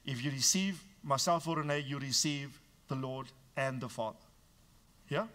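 A male pastor preaching a sermon to his congregation, frank and teasing, dropping to quiet asides and then rising to emphatic, raised lines. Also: medium pitch, normal speed.

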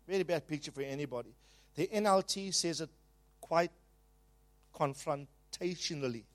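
A man preaching a sermon, emphatic, slowing down on key phrases and having the congregation repeat after him. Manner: slows down and rises in pitch and volume on key phrases. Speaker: pastor.

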